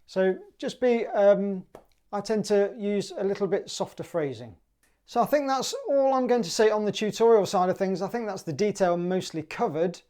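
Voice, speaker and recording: A man with a British accent teaching a clarinet piece in a relaxed, chatty way, sometimes singing the rhythms in syllables. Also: high voice, normal speed. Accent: British English. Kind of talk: relaxed music tutorial.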